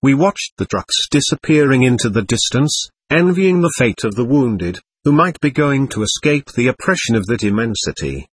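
A man reading a war memoir aloud in scripted audiobook narration, measured and somber. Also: mid-range voice, lively intonation, slightly rough, no echo.

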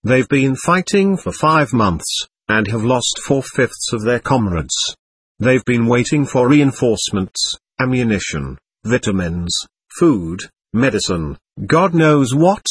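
A man's voice: medium pitch, big pitch swings, slow, breathy edge, no room sound, exaggerated voice. A man voicing a gaunt, starving male soldier who is bitter and menacing, with a sneering manner, in a storybook reading. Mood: scornful. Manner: sneering, roaring.

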